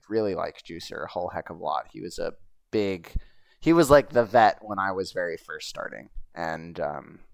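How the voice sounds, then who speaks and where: A man's voice: fairly low pitch, dry recording. Rambling, chatty man hosting his show. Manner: rambling and chatty, with frequent fillers and profanity. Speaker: host. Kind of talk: casual commentary over a video.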